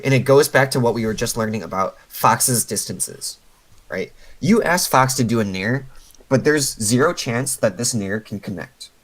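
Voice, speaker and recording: A man's voice: medium pitch, low-quality recording. A man coaching a player over a voice call, patiently explaining step by step with lots of fillers. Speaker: game coach.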